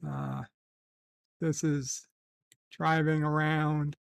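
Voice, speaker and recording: A man with a gravelly, fairly high voice tells rambling, self-mocking stories and swears freely. He talks casually, like a host chatting to his regular viewers. The sound is dry and close. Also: flat delivery, extremely slow, no room sound. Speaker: livestream host. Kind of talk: casual storytelling. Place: at home, in bed.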